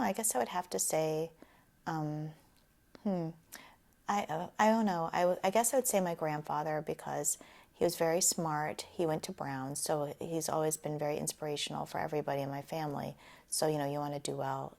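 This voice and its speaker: A woman's voice: sits low, creaky, darkish tone. A woman in her forties with a light southern Rhode Island accent, answering interview questions in a hesitant, thoughtful way with frequent ums. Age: 40s.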